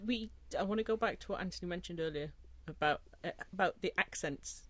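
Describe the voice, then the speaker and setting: High-voiced man making jokey asides. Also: a bit bright. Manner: playful, quick jokey asides. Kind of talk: casual chat.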